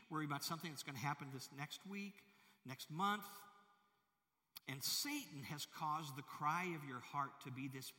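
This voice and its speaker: A male pastor with a slightly high, bright, forceful voice preaches in a large church, emphatic and full of rhetorical questions for the congregation. A long hall reverb fills the recording.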